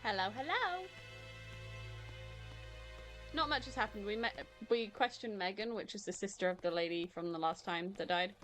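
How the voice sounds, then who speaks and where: A woman's voice: mid-range voice, a little fast, fairly bright tone, faint music behind. A woman chatting casually as she streams a video game, often confused and laughing. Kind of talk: casual let's-play commentary.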